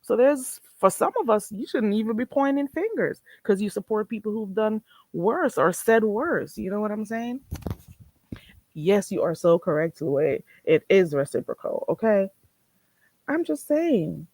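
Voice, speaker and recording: A woman's voice: mid-range voice, expressive, normal speed, darkish tone, no echo. A woman hosting a casual livestream, talking bluntly, swearing freely and answering her chat. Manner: reads chat aloud and answers it. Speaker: livestream host.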